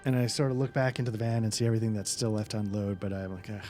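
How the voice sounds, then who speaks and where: A man's voice: fairly low pitch, fairly even intonation, rapid-fire, warm tone, soft background music. A man playing in a tabletop game, casually and a bit sheepishly describing what his character does. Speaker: player.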